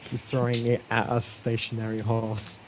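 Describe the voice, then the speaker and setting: A man's voice: mid-range voice, monotone, normal speed. Dry, teasing man at the game table. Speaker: player. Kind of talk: casual tabletop chat.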